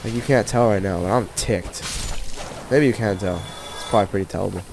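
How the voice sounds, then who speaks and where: A man's voice: on the low side, brisk, creaky, background noise. A man commentating a video game while sick, keeping his voice down and trash-talking the enemies in exasperation. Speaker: let's play commentator. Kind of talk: gameplay commentary.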